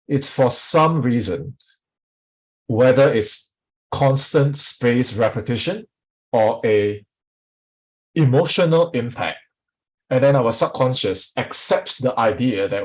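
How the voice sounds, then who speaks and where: A man as a sales coach teaching a live online workshop, energetic and often putting questions to the audience. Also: mid-range voice, a little slow, breathy edge, low-quality recording.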